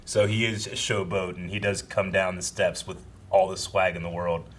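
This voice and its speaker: A man with a fairly low voice chats loosely about a film he has just watched. He keeps circling back with "you know" and "like". There is a faint hiss behind him. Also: fairly even intonation, normal speed. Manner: rambling, full of "you know" and "like". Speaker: host reacting to a film. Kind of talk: casual chat.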